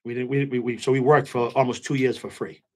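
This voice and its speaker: A man's voice: medium pitch, quick pace. Middle-aged man, nightclub owner guest, chatty storyteller who does the voices in his anecdotes. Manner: animated storyteller, acts out quotes, repeats "you know what I'm saying". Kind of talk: casual storytelling interview.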